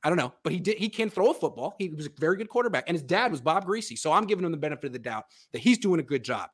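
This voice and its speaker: A man's voice: a little high, very animated, very fast, slightly rough. A man hosting a casual sports podcast, animatedly breaking down football film and chatting with his father. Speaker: podcast host.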